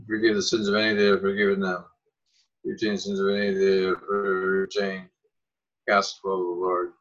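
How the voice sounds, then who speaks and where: Guy reading the gospel in church, low flat voice, kinda muffled. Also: fairly quick. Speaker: gospel reader. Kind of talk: scripture reading.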